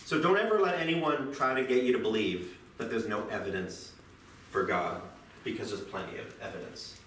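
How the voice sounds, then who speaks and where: A man teaching high schoolers in a classroom, chatty and self-deprecating, with lively jokes. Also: moderate pace, a little hiss or hum. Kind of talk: classroom lecture. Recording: roomy, distant classroom mic.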